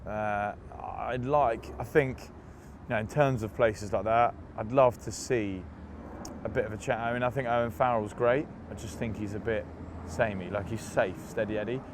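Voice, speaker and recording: A young man being interviewed, telling lively anecdotes in a casual, laughing way, recorded outdoors. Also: lowish voice, moderate pace, background noise. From England. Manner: chatty, laughing, animated anecdotes. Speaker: interview guest, rugby player.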